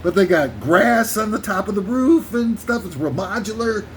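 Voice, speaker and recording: Casting: high-pitched male comedy host, rambling and irreverent, with faint background hiss. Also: lively intonation, normal speed. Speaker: comedy list show host. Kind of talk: casual comic rant.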